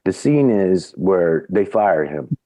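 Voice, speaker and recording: A middle-aged man with a low, warm voice tells a story to podcast hosts. He acts out the quotes with sudden jumps up in pitch, then drops back into an easy conversational tone. The sound is dry and close to the mic. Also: expressive, slow, no room sound. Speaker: podcast guest. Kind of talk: casual anecdote telling.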